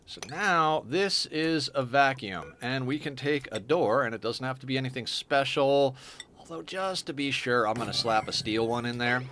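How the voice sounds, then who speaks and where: Man, mid-pitched voice, casual game-stream commentary, talks through each move, steady noise behind. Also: normal speed. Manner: chatty, explains his plans step by step.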